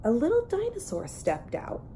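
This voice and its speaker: A woman's voice: on the high side, wildly swooping pitch, normal speed, mellow, slight background noise. A woman reading a children's picture book aloud, telling the story expressively and acting out the characters. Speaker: reader.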